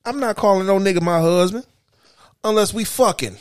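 A man's voice: high-pitched, fairly quick, clear, resonant tone. A middle-aged man in casual, profane chat who talks emphatically and repeats phrases.

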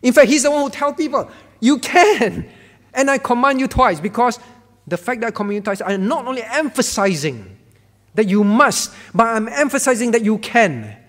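A man with a high voice preaches a sermon in a church, with his words ringing out in a long hall reverb. He is emphatic, repeats his key words and swings from quiet, low lines to loud ones. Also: lively intonation, normal speed. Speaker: pastor. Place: church sanctuary.

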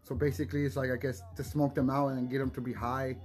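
A man's voice: mid-range voice, level tone, fast talker, darkish tone, faint music behind. A young man hosting a casual solo podcast, rambling with lots of swearing, laughs and restarted words. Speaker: podcast host.

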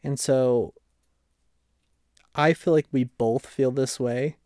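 A man's voice: medium pitch, fairly even intonation, slow pace, a little mellow, no echo. Chatty young man, dry close voice. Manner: conversational, acts out his own past thoughts. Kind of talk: casual chat.

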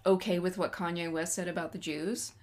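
A woman's voice: fairly low pitch, fairly even intonation, a little fast, a little mellow. A woman co-hosting a casual podcast chat, recapping a movie plot with sarcastic asides. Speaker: podcast co-host reviewing a movie.

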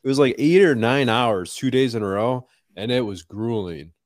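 A man co-hosting a podcast, telling stories with animated frustration. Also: medium pitch, moderate pace, dry recording, clean studio sound. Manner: animated griping storyteller. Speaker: podcast co-host. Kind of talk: casual chat.

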